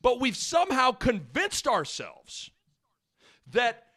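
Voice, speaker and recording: A man's voice: very high-pitched, huge pitch swings, slow, bright, forceful tone. A man hosting a sports talk show, rambling casually and joking, piling on analogies. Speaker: sports radio host.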